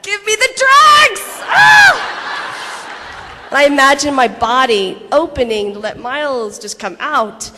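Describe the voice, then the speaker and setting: A woman in her thirties reading a personal story aloud to a convention audience, lively, with laughing asides. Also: fairly high pitch, long reverb tail. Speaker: actress reading a personal letter on stage. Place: large convention hall.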